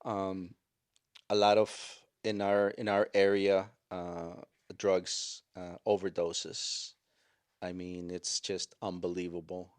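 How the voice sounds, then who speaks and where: An older man, a chaplain, telling stories in an interview in a halting way, with many fillers and restarts. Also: deep voice. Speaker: chaplain and guest. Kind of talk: storytelling interview.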